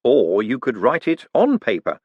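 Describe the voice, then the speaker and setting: Quick-witted con man, read by a male narrator, wry and teasing, dry close sound, storybook. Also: mid-range voice, huge pitch swings, husky, dry recording, narrow, tinny audio.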